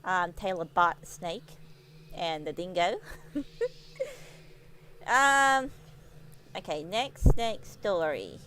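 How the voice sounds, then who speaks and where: A woman's voice: lowish voice, lively intonation, slow, long pauses, fairly bright tone, slight background noise. A woman streamer telling a story to her livestream, giggling often and rambling with many restarts. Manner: giggly, laughs often while telling stories.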